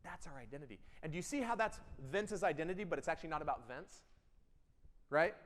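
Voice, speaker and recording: A man delivering a keynote to a room of listeners, talking quickly in a voice pitched a bit high. He pushes hard on key lines and then drops to quiet intensity. The sound carries a long reverb from a large hall. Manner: emphatic, swings between loud bursts and quiet intensity. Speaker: keynote speaker. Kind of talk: energetic keynote speech with audience interaction. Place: event hall.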